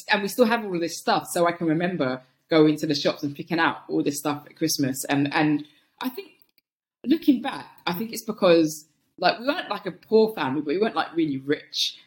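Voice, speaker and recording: A woman's voice: on the low side, roomy sound. Reflective London-accented woman. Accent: London English. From England. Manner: reflective, thinks aloud with restarts. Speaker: podcast guest. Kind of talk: casual interview chat.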